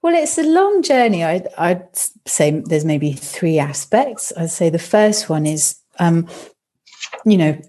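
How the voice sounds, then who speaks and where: A woman with a low, mellow voice talks about singing as a podcast guest. She is expressive and playful, slipping into little acted-out voices as she explains, while seated on a creaky chair. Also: unhurried. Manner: expressive, playful, acts out quoted inner voices. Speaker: vocal improvisation teacher and guest. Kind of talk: reflective podcast conversation.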